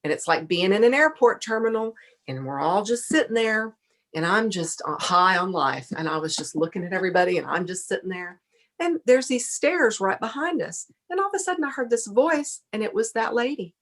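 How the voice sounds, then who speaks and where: A middle-aged woman with a Texan accent telling a lively story as a podcast guest, laughing often. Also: mid-range voice, fairly quick. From Texas. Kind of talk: casual storytelling chat.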